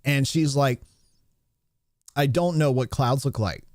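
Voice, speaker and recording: A man's voice: mid-range voice, slow pace, a little mellow, dry recording, clean studio sound. A man hosting a casual live stream, retelling a movie scene in a rambling way, restarting sentences as he recalls details.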